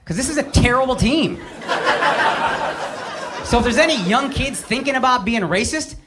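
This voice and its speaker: A man in his thirties doing a brash, profane stand-up set with crowd work, shouting his punchlines on a club stage. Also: extremely high pitch, animated, moderate pace, heavy background noise. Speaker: stand-up comedian. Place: comedy club stage before a live audience. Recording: live club with loud audience laughter. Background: loud crowd laughter.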